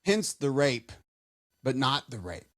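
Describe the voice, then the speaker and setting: A man's voice: mid-range voice, very animated, no echo, clean studio sound. A man co-hosting a podcast, telling stories in a casual, rambling way with frequent restarts. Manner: rambling, halting storyteller with many restarts. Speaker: podcast co-host. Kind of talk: casual chat.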